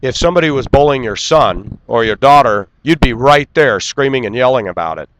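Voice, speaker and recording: A man delivering an indignant, lecturing rant straight to camera and clearing his throat now and then. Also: mid-range voice, expressive, fairly quick, fairly bright tone, slight background noise, low-quality recording. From United States. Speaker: vlogger. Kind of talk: ranting monologue.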